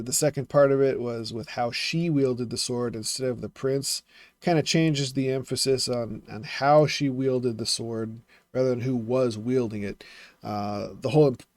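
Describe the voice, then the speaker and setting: A man's voice: medium pitch, a little mellow, no room sound. Male vlogger, casual teaching tone, fillers and self-corrections, mid-range voice, dry recording. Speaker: self-publishing vlogger critiquing writing. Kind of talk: casual explanatory vlog.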